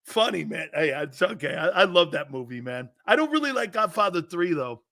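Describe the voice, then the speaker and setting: A middle-aged man hosting a sports talk show, telling stories in a lively casual way and slipping into quick mob-movie impressions. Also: on the high side, creaky. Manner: animated storytelling, quick mob-movie impressions, laughs often. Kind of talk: casual chat.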